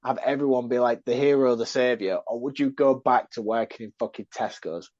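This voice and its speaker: A man's voice: medium pitch, brisk, a little mellow, muffled recording. A man co-hosting a podcast, bantering with swearing and laughter. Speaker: podcast co-host. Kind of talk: casual banter.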